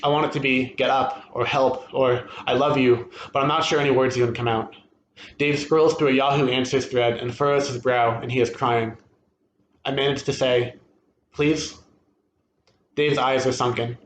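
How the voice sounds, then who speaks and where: A man reading a first-person short story aloud at a literary event, steady and expressive. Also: mid-range voice, a little fast, a little hiss or hum. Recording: echoey room with faint ambience.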